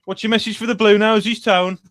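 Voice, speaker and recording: A man's voice: high-pitched, level tone, brisk, a bit bright, dry recording, studio quality. A man hosting a live football phone-in, friendly and encouraging toward the caller. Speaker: host.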